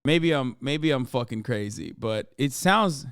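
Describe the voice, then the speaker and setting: A man's voice: mid-range voice, lively intonation, measured pace, fairly bright tone, clean tone, no echo, clean studio sound. A man hosting a livestream, reacting with sarcastic, rambling commentary full of "like" fillers. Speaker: streamer host.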